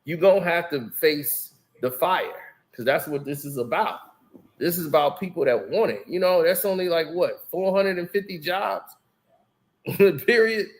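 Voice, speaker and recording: A man's voice: a little high, moderate pace. A man guesting on a casual podcast, telling stories animatedly with slang and frequent laughter. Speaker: guest, former basketball player.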